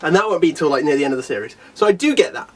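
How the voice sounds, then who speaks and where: A man chatting excitedly about a comic chapter, laughing often and briefly acting out the characters' lines. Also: a little high, very fast, far from the mic. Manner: animated, laughs often, quotes characters in little voices. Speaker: anime reviewer. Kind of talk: excited casual chat.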